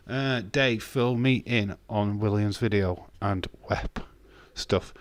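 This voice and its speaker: A man's voice: fairly low pitch, steady tone, measured pace, hardly any pauses. A man, casually chatting on a live stream and bantering with chat comments, swearing now and then.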